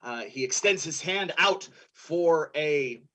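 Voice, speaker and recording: A man's voice: a little high, lively intonation, slow, pushed and bright. A man narrating a tabletop game as game master, improvising loosely with restarts.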